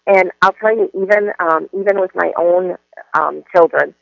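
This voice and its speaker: A woman's voice: on the low side, moderate pace, creaky, fairly bright tone, dry recording. A woman trainer giving a webinar talk, rambling with many fillers and restarts. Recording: dull lo-fi online audio.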